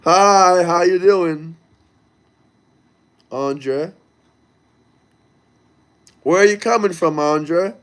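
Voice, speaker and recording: Hosting a laid-back livestream, this man with a high-pitched voice chats crudely with his viewers and reads out what they type. He draws out his words and leaves long pauses, and his tone is clean.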